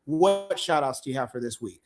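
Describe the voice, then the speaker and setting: A man hosting a livestream panel chat, animated and laughing often, acting out quoted lines. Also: mid-range voice, fairly quick. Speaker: podcast host.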